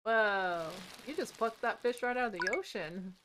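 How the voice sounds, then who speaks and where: A woman's voice: mid-range voice, normal speed, noisy background. A woman co-hosting a game stream, making playful, teasing remarks about the game. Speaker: stream co-host. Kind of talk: casual gameplay commentary.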